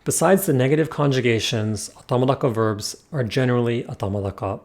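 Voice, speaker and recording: A language teacher delivers a scripted lesson in an even, mid-pitched voice, talking fast. Calm and methodical, he goes through the rules as numbered points.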